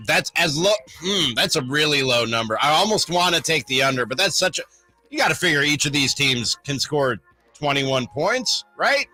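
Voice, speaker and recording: A man's voice: a little high, animated, normal speed, sharp tone, soft background music. A man co-hosting a sports radio show, thinking aloud through his picks in casual chat. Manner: thinks aloud, changes his mind mid-pick.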